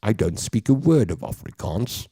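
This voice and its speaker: A man's voice: on the low side, big pitch swings, moderate pace, dark tone, a little hiss or hum. A man putting on a plummy posh snob. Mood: haughty. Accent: posh British put on. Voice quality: prim, plummy delivery. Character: snooty man with a posh old-fashioned British accent.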